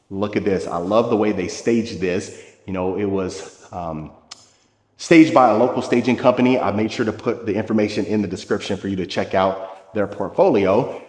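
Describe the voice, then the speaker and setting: Man, home tour host, lowish voice, salesy and upbeat, echoey empty rooms. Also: darkish tone. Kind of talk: walkthrough home tour narration.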